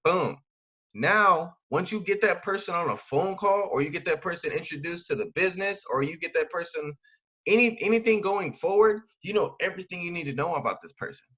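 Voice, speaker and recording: A man coaching in a loose, slangy way, talking fast and stuffing every sentence with fillers. His voice is bright and pushed forward. The recording sounds dull and a little lo-fi. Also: sits high, expressive, slightly rough. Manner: slangy, filler-heavy, keeps asking "right?". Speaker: network marketing recruiter. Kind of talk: casual coaching talk.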